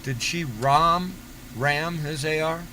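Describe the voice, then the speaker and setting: A man's voice: a little high, slow, pushed and bright, a little hiss or hum, rough recording. A man giving sarcastic commentary on a livestream, recapping and mocking what others said.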